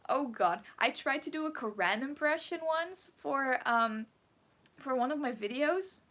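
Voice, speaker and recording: A woman's voice: high voice, animated, measured pace, a bit bright. A woman on a casual livestream, reading out viewer comments and answering them in a giggly, rambling, playfully dramatic way. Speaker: cosplayer streamer.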